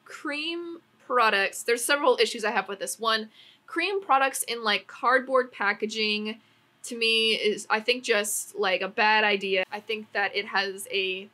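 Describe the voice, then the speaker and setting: A woman's voice: a little high, a little slow, sharp tone. A young woman vlogging at home, giving rambling, exasperated opinions on new makeup releases with lots of "like" fillers. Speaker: beauty vlogger. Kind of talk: casual opinionated product review. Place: home, neighbors' yard work nearby.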